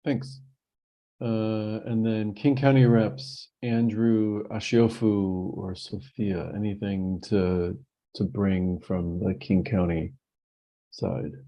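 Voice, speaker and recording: Slow halting man chairing a call. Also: on the low side, little pitch movement, dark tone. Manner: halting, filler-heavy. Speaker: meeting chair. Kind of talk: virtual meeting. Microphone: video call. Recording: dull lo-fi call audio.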